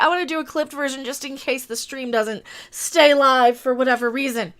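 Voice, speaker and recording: Blunt, bright-voiced woman streamer. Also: sits high. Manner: ranting, blunt, quick asides. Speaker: livestream host. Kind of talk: casual opinion livestream.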